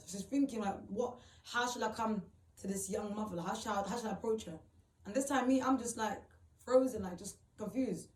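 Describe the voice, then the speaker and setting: A woman tells her own story in a halting, emotional way, often repeating herself and filling gaps with "like". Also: a little high. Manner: halting, repeats phrases, many fillers. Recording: roomy, distant mic, faint background noise.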